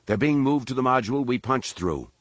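A man's voice: medium pitch, lively intonation, a little fast, dry recording, pitched above the performer's own voice, natural voice. A man voicing a confident young male Jedi in an audiobook. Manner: cool, self-assured.

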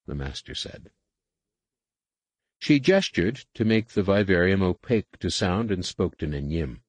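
A man narrating a science fiction audiobook in a measured, even storytelling manner. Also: sits low, slightly rough, dry recording. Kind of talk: scripted narration.

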